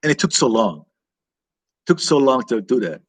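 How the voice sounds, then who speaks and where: A man's voice: mid-range voice, very animated, normal speed. A man hosting a casual live-stream chat, rambling and reacting aloud to viewer comments. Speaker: vlog host reading live chat.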